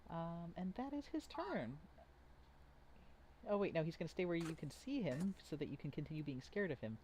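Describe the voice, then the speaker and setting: Playful game master woman, lively pitch. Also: moderate pace, a little hiss or hum. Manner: chatty, playful, trails off while thinking. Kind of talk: narrating a tabletop game.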